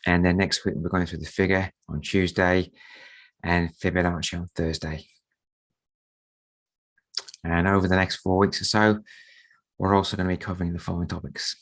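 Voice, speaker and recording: A low-pitched man hosts a live trading webinar. His voice is croaky from a sore throat, and he talks softly on purpose to save it. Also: level tone, moderate pace, long pauses. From Australia. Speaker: market strategist and trading mentor.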